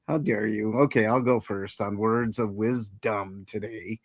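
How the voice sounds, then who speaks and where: A man's voice: on the low side, steady tone, a little slow, hardly any pauses, no echo. A man hosting a live stream, rambling casually and reading out chat with self-mocking humor. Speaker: stream host.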